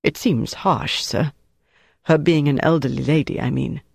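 A man's voice: on the high side, normal speed, creaky, slightly rough, no room sound, clean studio sound. A reader voicing a deferential young German soldier who speaks hesitantly to his superior.

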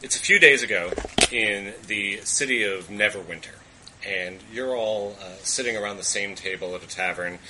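A man's voice: lowish voice, normal speed, background noise. A man running a tabletop game as game master, narrating casually with many fillers. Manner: casual, filler-heavy narration with frequent laughs.

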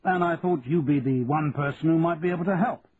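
A man's voice: on the high side, fairly quick, voice pushed up, lightly acted. Polite young Londoner, read by a male narrator. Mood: earnest. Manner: polite and persuasive. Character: earnest young London man on a quest. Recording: tinny lo-fi radio recording, faint hiss.

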